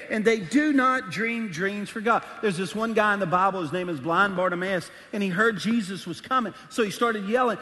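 High-voiced pastor preaching in a big hall. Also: male voice, normal speed, hardly any pauses. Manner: animated, shifts between quiet asides and shouting. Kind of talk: sermon.

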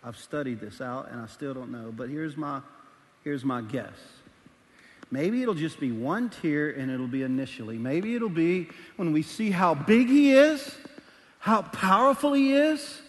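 A male pastor with a high-pitched voice delivers an animated sermon. He drops to quiet, almost confiding asides, then builds up to shouts. His words ring out under the long reverb of a large church hall. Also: unhurried.

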